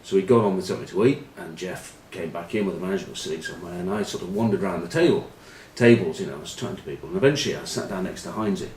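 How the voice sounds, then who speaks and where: A man telling a wry, conspiratorial anecdote in a fairly low voice. He sounds distant, with a roomy echo and faint ambience behind him. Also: racing, hardly any pauses, darkish tone, a little hiss or hum. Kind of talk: after-dinner anecdote.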